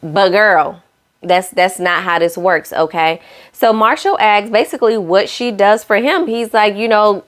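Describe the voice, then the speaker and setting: A woman's voice: medium pitch, measured pace. A young woman giving a casual, sassy recap of a reality show, talking straight to her viewers and acting out what the cast said. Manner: acts out cast lines in shifting voices.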